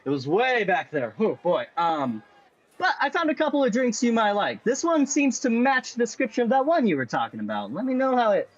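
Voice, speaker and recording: A man's voice: very high voice, big pitch swings, fairly quick, muffled recording, voice pushed up, full character voice. A man voicing a friendly, chatty male tavern bartender in a tabletop game, eager and rambling.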